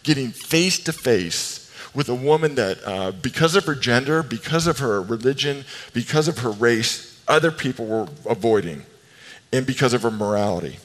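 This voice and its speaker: A male pastor giving an animated, emphatic sermon with playful asides. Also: mid-range voice, moderate pace. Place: church sanctuary. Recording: long reverb of a large hall.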